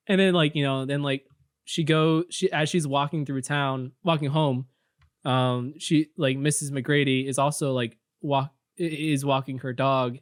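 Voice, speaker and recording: A man's voice: mid-range voice, fairly even intonation, unhurried, smooth, no echo, clean studio sound. A young man guest telling a made-up story in casual chat, rambling with lots of fillers. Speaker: podcast guest.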